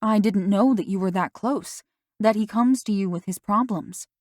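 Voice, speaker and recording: A woman voicing a mother who gently questions her daughter, in an audiobook. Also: mid-range voice, moderate pace, no room sound, clean studio sound, natural voice. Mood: gentle.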